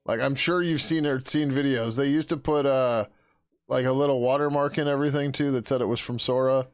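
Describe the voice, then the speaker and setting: A tired man on a casual coding livestream, swearing, laughing and muttering code names as he works, his throat getting hoarse. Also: medium pitch, fairly even intonation, a little fast, no echo, clean studio sound. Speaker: livestreaming programmer.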